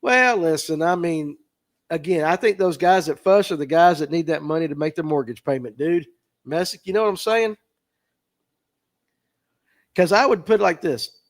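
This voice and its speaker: Guy hosting a fishing livestream, kinda high voice, rambly and folksy, reads the chat out loud. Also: normal speed, pauses often. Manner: chatty, folksy, reads comments aloud. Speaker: fishing podcast host. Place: tackle shop.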